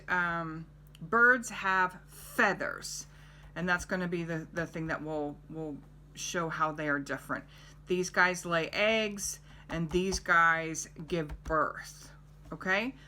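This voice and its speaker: Woman, middle-aged, kids' lesson host; unhurried delivery, crisp bright tone, coaxing questions. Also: mid-range voice, slight background noise. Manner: gentle, coaxing, asks the child questions. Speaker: teacher. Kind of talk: children's lesson.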